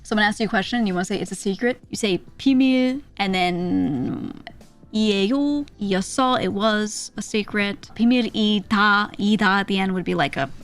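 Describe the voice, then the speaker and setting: A woman's voice: medium pitch, brisk, faint music behind. Young woman streamer, casual teacher, chatty and giggly, mid-range voice. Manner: chatty, laughs often, sounds out syllables. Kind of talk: casual live-stream lesson.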